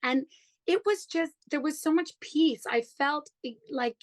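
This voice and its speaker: A woman's voice: high-pitched, unhurried, no echo, rough recording. A woman guest on a podcast telling a personal story in an enthusiastic, chatty way, often saying "like" and "you know".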